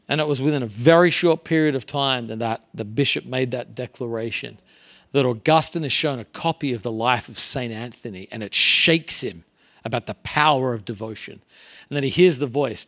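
Middle-aged guy preaching in a church, gravelly voice, tells stories and gets loud acting out quotes. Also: medium pitch, moderate pace. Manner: animated storyteller, acts out quotes with rising intensity. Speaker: guest preacher. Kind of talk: sermon storytelling. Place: church sanctuary.

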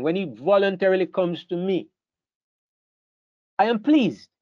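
A man's voice: a little high, no room sound, lo-fi sound. An older man teaches a Bible class in an earnest way, often repeating words as he thinks.

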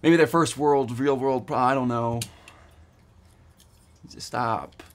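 A man's voice: medium pitch, takes it slowly. A man in his twenties vlogging casually, rambling eagerly with lots of fillers and restarts. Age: 20s. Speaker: student vlogger. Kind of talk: casual vlog.

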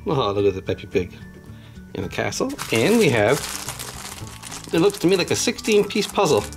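A man's voice: mid-range voice, big pitch swings, normal speed, gravelly, soft background music. A man casually unboxing toys and reading a children's storybook aloud, chatting to young viewers as he goes. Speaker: channel host.

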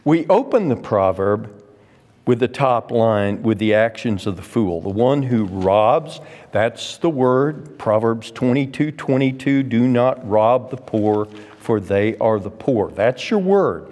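A man's voice: mid-range voice, lively intonation, slow, a little mellow. A man teaching a Sunday school Bible class, emphatic, repeating his points and quoting scripture. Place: church classroom. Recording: long church reverb.

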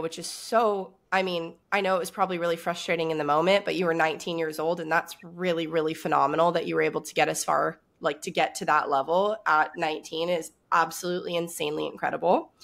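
A woman's voice: fairly low pitch, fairly even intonation, fast talker, gravelly. A woman hosting a podcast, talking in a reflective and encouraging way. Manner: warm, encouraging, reflective talk. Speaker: podcast host. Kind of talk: casual podcast interview.

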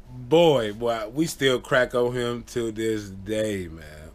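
A man telling a true story to camera in a casual, animated way, often laughing and acting out the people in it. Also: medium pitch, a little hiss or hum. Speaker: vlogger.

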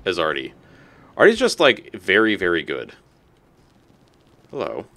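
A man with a deep voice streams his gameplay live, speaking unhurriedly with long pauses. He chats to viewers and to the game's creatures, getting excited and letting out yelps and curses when things turn bad.

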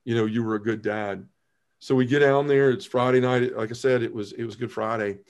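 A man, a podcast guest telling his personal conversion story in an earnest, halting way, often restarting his phrases and dropping his voice at heavy moments. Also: fairly even intonation. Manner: earnest storytelling, halting restarts, drops low when emotional.

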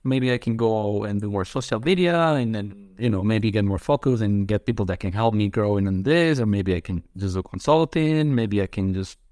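A man's voice: on the low side, moderate pace, hardly any pauses, darkish tone, no echo, studio quality. A man who is a pizza chef, answering interview questions in an eager, rambling way with phrasing.

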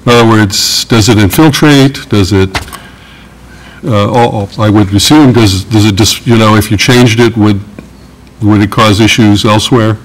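Male councilmember at a public meeting, hesitant and searching for words, fairly low voice. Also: normal speed, poor audio. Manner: hesitant, many fillers and restarts while reading.

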